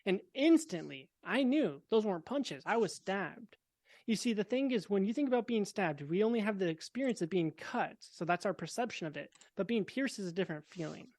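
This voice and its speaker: A young man, a podcast guest, telling a personal story in a relaxed, casual way with wry, deadpan dark humor. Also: high-pitched, moderate pace, no echo.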